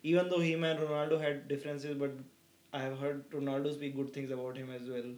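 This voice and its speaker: A young man co-hosting a casual football chat, opinionated and quick to laugh. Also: mid-range voice, little pitch movement, darkish tone. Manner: chatty, opinionated, laughs often. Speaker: co-host.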